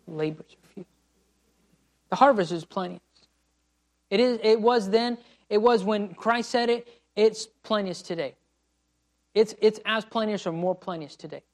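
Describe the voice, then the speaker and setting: A man preaching a sermon as a missionary, swinging between loud pleading cries and quiet, low passages. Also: measured pace, pauses often. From United States. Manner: impassioned, rising to pleading cries and dropping to quiet.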